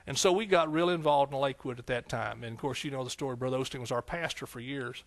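A middle-aged man, a pastor, giving an emotional sermon testimony that swings between hushed, tearful moments and loud exclamations. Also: medium pitch, fast talker.

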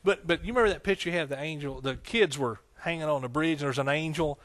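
A man's voice: a little high, fast talker, a bit bright. A man preaching a folksy, conversational sermon, with frequent amens and hallelujahs. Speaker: pastor.

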